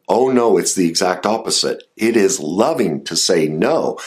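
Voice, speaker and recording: A man's voice: deep voice, expressive, moderate pace, few pauses. A man giving an earnest self-help talk on grief and anger, coaching the listener directly. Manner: earnest, coaching, rises sharply when voicing anger. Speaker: therapist or self-help speaker.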